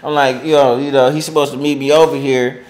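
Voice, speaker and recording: A man's voice: medium pitch, a little fast. A middle-aged man telling a story in a casual interview, slangy and full of fillers, raising his voice to act out quotes. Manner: animated, acts out quotes in raised voice; slangy, filler-heavy speech. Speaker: interview guest.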